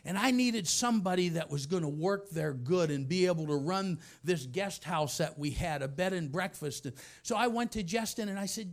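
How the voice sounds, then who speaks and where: A man preaching through a personal story, swinging from hushed softness to loud shouting. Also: sits high, expressive, normal speed, few pauses. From United States. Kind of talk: storytelling sermon.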